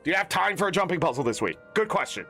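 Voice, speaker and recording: A man's voice: high voice, very animated, racing, bright, forceful tone, faint music behind. A man ranting in exasperated, emphatic commentary as a gaming content creator, swearing often.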